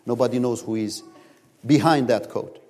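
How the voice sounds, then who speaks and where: A man's voice: mid-range voice, normal speed, warm tone, lightly acted. A man voicing an older immigrant father, humble and worried, asking earnestly for work, in a reverberant hall. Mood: resigned.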